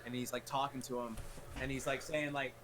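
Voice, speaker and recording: A man on a casual livestream retells a film in a long, rambling run of "like" fillers. His voice sits at a middle pitch for a man, and a faint background hiss lies under the recording. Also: level tone, brisk, a bit bright.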